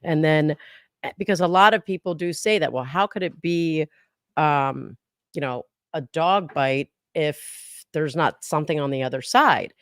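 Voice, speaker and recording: A woman's voice: deep voice, measured pace, no room sound, studio quality. A woman lawyer and podcaster, a guest on a casual legal livestream, talking in a chatty, agreeable way. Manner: chatty, agreeable, with small laughs.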